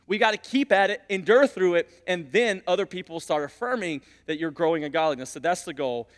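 Male pastor, high voice, animated storyteller, long church-hall reverb. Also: brisk. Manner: animated storytelling, swinging between loud emphasis and quiet asides. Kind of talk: sermon. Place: church sanctuary.

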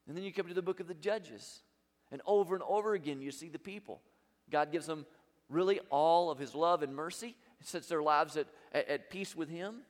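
A man preaching a sermon as pastor, emphatic, with big swings between loud and quiet. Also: high voice, long reverb tail.

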